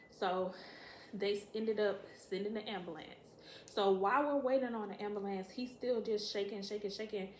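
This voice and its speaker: A woman telling a story to camera in a casual, profane, animated way, acting out what people said. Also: mid-range voice, moderate pace, a little hiss or hum. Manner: profane, animated, acts out quotes. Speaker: storytime vlogger. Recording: echoey room.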